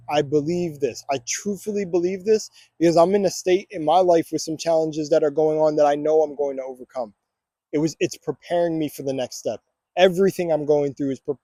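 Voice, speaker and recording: A man's voice: fairly high pitch, warm tone, no echo, studio quality. A young man recording a motivational vlog on his phone while out walking, speaking with energy and chanting affirmations like a preacher. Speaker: vlogger. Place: outdoors on a walk. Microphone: phone camera.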